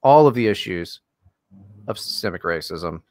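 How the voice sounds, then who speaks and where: Sarcastic man, lively swooping voice. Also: low voice, normal speed, no echo, studio quality. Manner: sarcastic, profane, mocking. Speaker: podcast co-host. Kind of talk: casual chat.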